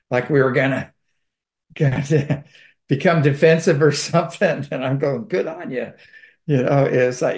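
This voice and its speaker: Rambling, sardonic man in a monologue. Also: mid-range voice. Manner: rambling, with many fillers and restarts; sardonic and mocking. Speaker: commentator. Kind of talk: casual monologue.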